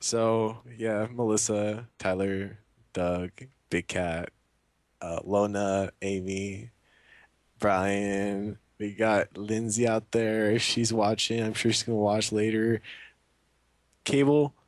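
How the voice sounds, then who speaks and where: A man's voice: on the low side, fairly even intonation, slow, dry recording. A young man in casual chat as a guest, rambling and hesitant with many fillers.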